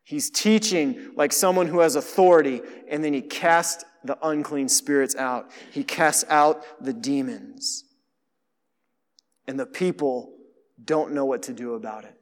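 A man with a fairly high voice preaches a sermon, chatting with his listeners and moving between hushed stretches and emphatic, louder ones. His voice rings with the long reverb of a large hall. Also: a little slow.

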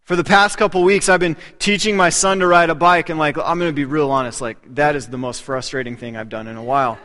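High-voiced preacher in a reverberant hall. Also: male voice, steady tone, fast talker. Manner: earnest preaching, dropping to a hush on key points. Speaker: pastor. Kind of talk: sermon.

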